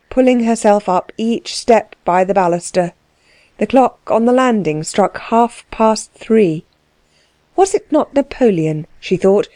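A woman narrating a classic novel as an audiobook, in a measured, even reading. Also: a little high, no room sound. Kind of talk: scripted narration.

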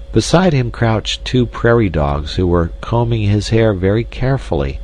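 A man narrating a children's story in a steady, measured way. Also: fairly low pitch, low-quality recording. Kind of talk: storybook reading.

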